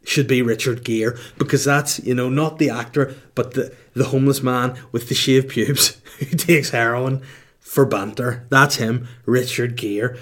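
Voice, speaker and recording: A man's voice: medium pitch, steady tone, unhurried, a bit bright. Rambling, laughing man telling a story. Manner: rambling, laughing, swears freely. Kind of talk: comedic storytelling.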